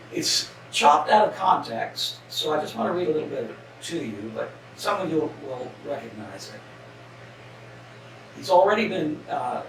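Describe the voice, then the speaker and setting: A man's voice: medium pitch, gravelly, a bit bright. A Canadian man delivering a spoken devotional in an earnest, emphatic way, leaning on repeated phrases. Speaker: devotional speaker. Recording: echoey room, distant mic, faint noise.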